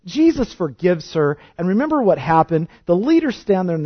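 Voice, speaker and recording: A man preaching a sermon with passion, firing rhetorical questions and swinging from quiet to loud. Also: high-pitched, very animated, normal speed, few pauses, husky, no room sound, dull audio. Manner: impassioned, rhetorical questions, wide swings of loudness. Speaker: pastor.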